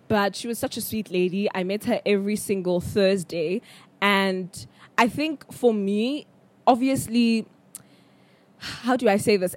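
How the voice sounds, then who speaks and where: A woman in her twenties from South Africa, hosting a podcast and telling a personal story in a chatty, expressive, casual way. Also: mid-range voice. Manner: chatty and expressive, calls listeners "child". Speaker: podcast host.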